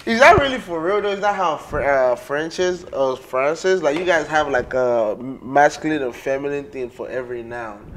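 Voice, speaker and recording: A man's voice: fairly high pitch, expressive, normal speed, few pauses, fairly bright tone. A man hosting a reaction video, talking in a loose, slangy way with casual swearing and easy laughs.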